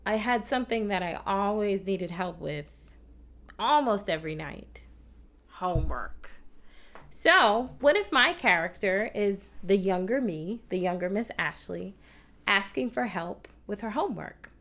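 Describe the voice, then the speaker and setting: A woman's voice: medium pitch, lively intonation, a little slow, a bit bright. A woman teaching children about opera on a kids' TV show, patient and encouraging toward viewers at home. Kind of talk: kids' TV music lesson.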